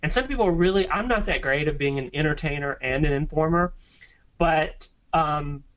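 A man's voice: on the high side, moderate pace, a bit bright. A man co-hosting a podcast, chatting in an easygoing, rambling way with frequent restarts. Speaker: podcast co-host. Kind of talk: casual podcast chat. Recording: slightly muffled lo-fi audio.

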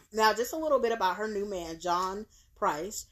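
A woman co-hosting a casual podcast, recounting a true crime case in a relaxed way with fillers and frequent agreeing yeahs. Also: mid-range voice, normal speed.

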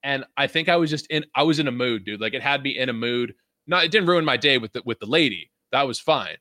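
A man's voice: medium pitch, lively intonation, quick pace, bright, forceful tone, no room sound, clean studio sound. A young man from Vancouver hosting a podcast, ranting in a casual, profane, rambling way and laughing often. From Vancouver, Canada. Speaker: podcast host.

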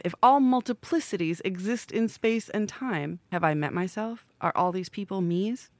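A woman's voice: medium pitch, normal speed, few pauses, no echo. A woman from the New York area with a slight lisp, rambling wryly through stories on a podcast. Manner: rambling, wry, swearing. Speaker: podcast co-host. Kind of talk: casual storytelling chat.

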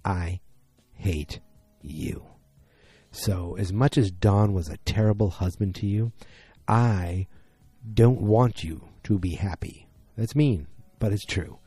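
A man's voice: lowish voice, unhurried, mellow, slightly rough, dry recording. A tired man recapping a TV episode late at night in a casual, rambling way, full of fillers and restarts.

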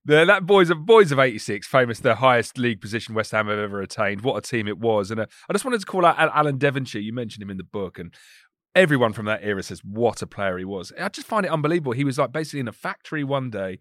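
A man's voice: mid-range voice, lively intonation, quick pace, fairly bright tone, dry recording, studio quality. A man hosting a podcast, asking enthusiastic, leading questions in casual chat. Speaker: podcast host.

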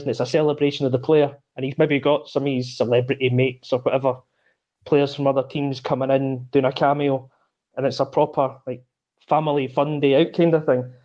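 A man, a guest on a football podcast, talking in a relaxed, rambling way. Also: fairly high pitch, muffled recording. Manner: relaxed, rambling, laughs easily. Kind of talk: casual football chat.

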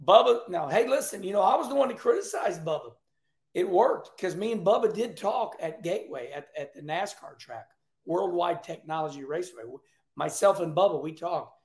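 A folksy man in his sixties talks racing on his own show, laughing and repeating himself as he goes. His voice is high for a man and gravelly, and it rings in an echoey room. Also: expressive, moderate pace, a little mellow. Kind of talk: casual commentary.

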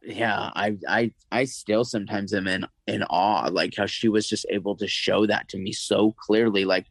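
A man recounting a personal story as an interview guest, halting and emotional, with many restarts and fillers. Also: on the low side, steady tone, no echo, low-quality recording.

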